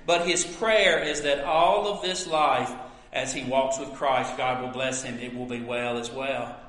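A man preaching an expository sermon as a pastor, earnest and emphatic, with pauses for stress. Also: medium pitch, fairly even intonation, fairly bright tone, roomy sound, in a large hall, poor audio.

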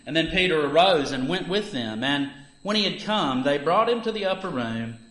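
A man with a somewhat high, bright voice reads scripture for a church service. His reading is emphatic and rises on the key lines. The sound is roomy and echoing. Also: animated, normal speed. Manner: emphatic reading that lifts in pitch and volume for the scripture. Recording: echoey room.

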